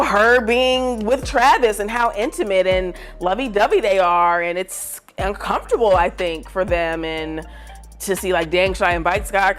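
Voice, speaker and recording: A young woman vlogging casual celebrity gossip to camera, slangy and dramatic with lots of fillers. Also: fairly low pitch. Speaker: vlogger giving pop culture opinions.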